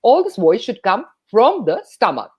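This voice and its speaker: A woman from India, a speech coach and radio jockey giving an interview, talking expressively and playing up pitch and pauses. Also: big pitch swings, breathy edge, highs cut off. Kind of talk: enthusiastic interview talk.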